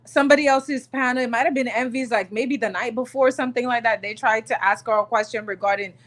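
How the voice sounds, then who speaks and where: A woman chatting casually as co-host, quiet and soft-spoken. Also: on the high side, fast talker. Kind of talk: casual gossip chat.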